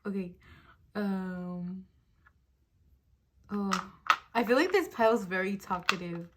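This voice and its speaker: A woman's voice: medium pitch, takes it slowly, background noise. A woman in her twenties doing a casual tarot reading, giggly and rambling with lots of fillers, recorded on a phone at her desk. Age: 20s. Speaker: tarot reader. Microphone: phone on a desk mount.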